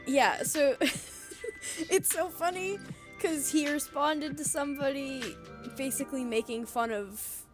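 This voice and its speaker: A young woman chats casually as a podcast co-host. Her voice sits fairly high and she keeps breaking into laughter. Faint music plays behind her. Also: slow. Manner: giggly, animated storytelling with many fillers. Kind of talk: casual chat.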